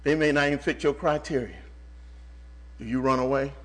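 A man preaching a sermon to his church, animated, stopping the reader to repeat and stress phrases. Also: mid-range voice, brisk, rough recording.

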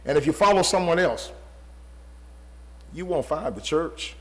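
High-voiced man preaching emphatically. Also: expressive, measured pace, low-quality recording. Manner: emphatic, repetitive preaching cadence, dropping low and quiet for stress. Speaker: pastor. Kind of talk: sermon.

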